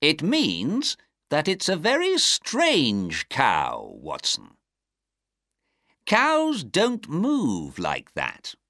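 Holmes, a man doing a keen raised-pitch detective. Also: drawn-out words, dry recording, clean studio sound, full character voice. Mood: excited. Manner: excited, probing questions. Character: keen, eager male detective.

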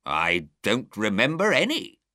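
A man's voice: on the low side, huge pitch swings, unhurried, sharp tone, no room sound, clean studio sound, exaggerated voice. A man voicing a modest, puzzled male companion in a storybook reading, giving short plain answers.

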